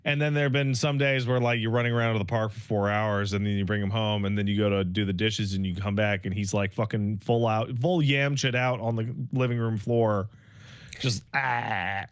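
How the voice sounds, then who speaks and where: A young adult man co-hosting a podcast, telling animated stories about his toddler in casual chat. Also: fairly low pitch, a little fast, hardly any pauses, clear, resonant tone, dry recording, studio quality. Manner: animated storyteller, swears. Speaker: podcast co-host and father.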